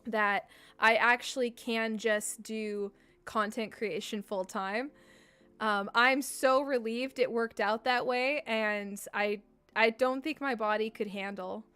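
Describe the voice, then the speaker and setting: A woman's voice: a little high, a bit bright, clear, resonant tone, no room sound. A woman streamer in casual chat with her viewers, talking in a chatty, playful way.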